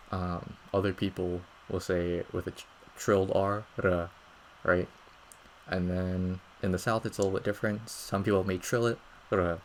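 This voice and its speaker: A man teaching pronunciation in a calm, methodical way, often checking in with listeners as he explains each sound over slides. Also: sits low, a little hiss or hum, poor audio. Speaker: language teacher.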